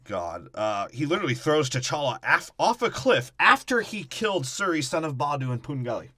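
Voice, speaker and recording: A man's voice: on the high side, sing-song, normal speed, sharp tone. A young man co-hosting a podcast, giving a crude, mocking comedic movie recap and slipping into silly character voices. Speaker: podcast co-host.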